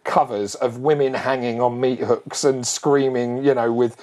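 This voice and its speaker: A middle-aged man telling a long childhood story in a casual, animated way, full of quick asides. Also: mid-range voice.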